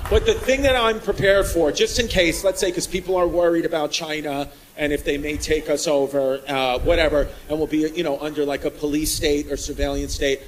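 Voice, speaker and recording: A male stand-up comedian performing a brash set on a comedy club stage, shouting punchlines over a laughing crowd. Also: fairly high pitch, steady tone, a little fast, hardly any pauses. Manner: brash, loud bursts of shouting. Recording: live club recording with crowd noise.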